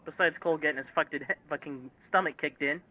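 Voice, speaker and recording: A man's voice: on the high side, quick pace, dry recording. A man hosting a casual chat show, steering the talk and putting questions to the others. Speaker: podcast host. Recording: tinny phone-like line.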